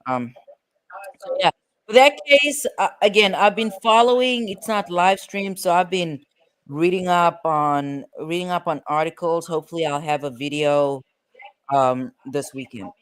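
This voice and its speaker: A man's voice: a little high, measured pace, a bit bright, clean tone. A man hosting a casual show about court cases, chatty and rambling with fillers and restarts. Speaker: host.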